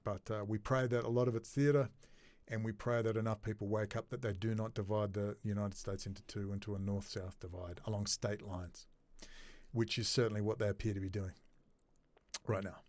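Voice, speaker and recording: A man's voice: on the low side, level tone, brisk, a little mellow. A man talking straight to his camera in a ranting monologue, agitated and swearing. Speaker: video blogger.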